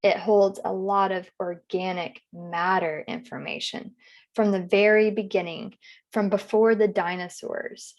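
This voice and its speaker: A woman guiding a hypnosis session, speaking softly and slowly as she passes on her client's words and asks gentle questions. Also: medium pitch, flat delivery, muffled recording. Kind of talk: relaying a regression session.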